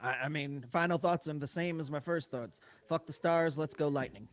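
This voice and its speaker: A man's voice: a little high, moderate pace. A man giving casual, fan-minded sports analysis on a podcast, often restarting his words. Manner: eager fan, stammers on restarts. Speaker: podcast co-host.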